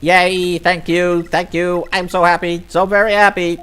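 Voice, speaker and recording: A man's voice: high-pitched, level tone, unhurried, a bit bright, smooth, pitched above the performer's own voice. A man voicing a peppy, eager little female guide robot in a chirpy, sing-song way while reading a game's dialogue aloud. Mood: gleeful. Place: home streaming setup.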